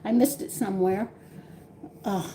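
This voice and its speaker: A woman's voice: mid-range voice, steady tone, measured pace, mellow, slight background noise. An older woman hosting a home cooking live stream, chatting with viewers and telling exasperated stories from home. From Texas. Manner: chatty, exasperated storytelling with laughs. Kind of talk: casual live-stream chat.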